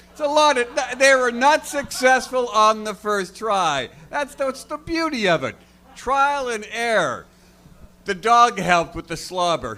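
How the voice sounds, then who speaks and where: Bright, wry male stand-up comic. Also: on the high side. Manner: wry, deadpan storytelling with crude punchlines. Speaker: guest comedian. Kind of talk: stand-up routine. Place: comedy show stage before a live crowd.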